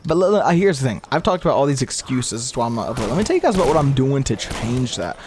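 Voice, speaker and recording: A young man in his twenties talks casually while he plays, stumbling and restarting his sentences as he goes. His voice sits at an ordinary middle pitch. Loud game gunfire and noise run behind him. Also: racing. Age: 20s. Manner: rambling, with frequent restarts and stumbles; switches between lively talk and muttered gameplay remarks. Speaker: gaming YouTuber. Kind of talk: casual commentary while playing. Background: video game gunfire and zombie sounds.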